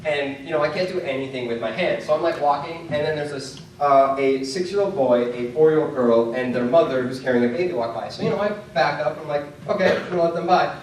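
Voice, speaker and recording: Telling stories in his stand-up set, a young man acts out the dialogue and sometimes shouts, with the comedy club audience laughing along. His fairly high-pitched voice comes fast with barely any pauses, captured from a distance in an echoey room.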